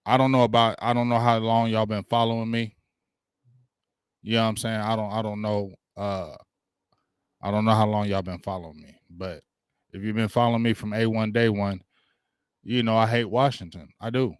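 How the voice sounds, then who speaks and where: A man's voice: fairly low pitch, level tone, moderate pace, long pauses, smooth, dry recording, clean studio sound. Hyped slangy sports-stream host man. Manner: hyped, slangy, greets viewers by name. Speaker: sports talk livestream host. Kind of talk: casual livestream chat.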